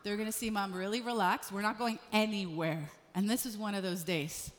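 A middle-aged woman pastor preaching a sermon, telling stories in an animated way that swings from quiet asides to raised emphasis. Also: medium pitch, brisk, slight background noise. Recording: long hall reverb.

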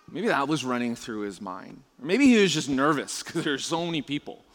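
A man's voice: medium pitch, very animated, fairly quick, hardly any pauses. A man preaching a conversational sermon, chatty and full of restarts and rhetorical questions. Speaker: pastor. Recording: long reverb of a large hall.

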